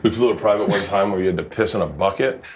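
A man's voice: sits low, fast, slight background noise. A man hosting a casual cooking chat, telling stories animatedly, swearing and acting out what people said. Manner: animated, swearing storyteller who acts out quotes. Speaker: host and home cook.

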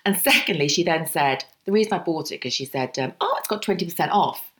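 Woman, podcast co-host, chatty raconteur with a low voice that swoops up and down. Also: a little fast. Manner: animated, rambling storyteller with frequent laughs. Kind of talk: casual chat.

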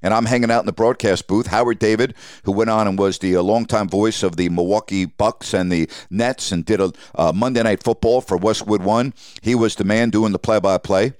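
A sportscaster in his sixties from Long Island, hosting his podcast and telling a lively story about his early career, acting out the people in it. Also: fairly low pitch, a little fast, hardly any pauses, dry recording, clean studio sound. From Long Island, New York. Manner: animated storyteller who acts out quoted dialogue.

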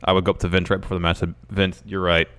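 A man co-hosting a casual podcast in a laid-back, deadpan manner. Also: deep voice, rapid-fire, clean tone. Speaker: podcast co-host. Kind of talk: casual chat.

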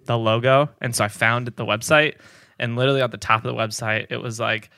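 A man's voice: medium pitch, steady tone, a little fast, gravelly, bright, forceful tone. A man co-hosting a casual podcast, explaining a science story loosely with fillers. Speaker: podcast co-host. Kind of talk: casual chat.

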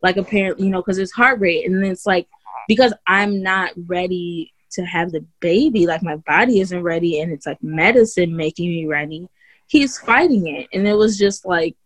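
A woman's voice: on the low side, moderate pace, dry recording. Chatty woman telling her birth story. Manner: chatty, heavy use of "like" and "you know", many restarts; acts out others' lines in a raised voice. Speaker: podcast guest sharing a birth story. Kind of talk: casual personal storytelling.

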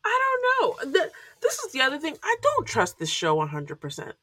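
Expressive woman on a dry-sounding podcast. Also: high voice, moderate pace, no echo. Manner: opinionated, laughs often. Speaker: podcast co-host. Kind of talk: casual recap chat.

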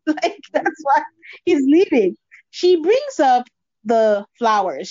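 Woman, fairly high voice, animated podcast host who acts out quotes, dull dry lo-fi sound. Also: dry recording. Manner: animated storytelling, acting out quotes with a laugh. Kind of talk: casual chat recapping a reality show.

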